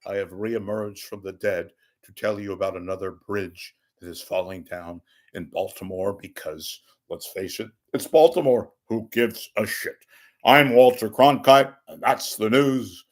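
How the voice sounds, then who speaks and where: A man's voice: on the low side, unhurried, close to an everyday voice. A man playing a solemn old news anchor. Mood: mock solemn. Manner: mock-solemn news delivery. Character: older male evening news anchor, solemn deadpan.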